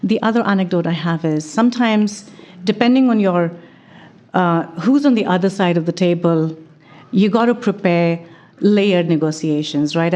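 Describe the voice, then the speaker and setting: A woman with a slightly low voice speaks in a measured, reflective way as an interview guest. She tells business anecdotes at an easy conversational pace. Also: a little mellow. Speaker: guest, venture investor.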